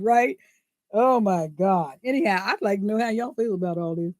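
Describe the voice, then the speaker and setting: A woman's voice: medium pitch, moderate pace, no room sound, studio quality. A woman talking straight to her viewers in a casual, indignant vlog monologue, often laughing through her words and asking "right?". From United States. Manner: animated, indignant, laughs mid-sentence, asks rhetorical "right?". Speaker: vlogger, channel host.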